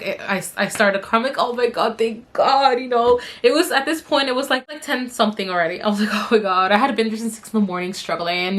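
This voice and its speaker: A young adult beauty vlogger does her makeup while telling a story, chatty and rambling with plenty of fillers. Her voice is mid-range and a bit bright.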